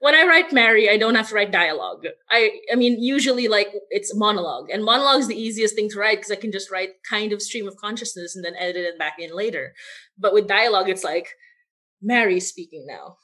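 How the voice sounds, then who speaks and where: A woman's voice: mid-range voice, fast talker, bright, forceful tone. A woman podcast creator talking casually about writing and voicing her characters, rambling with many fillers. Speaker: podcast creator, writer and voice actor. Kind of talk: casual cast Q&A on a video call. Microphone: video call mic.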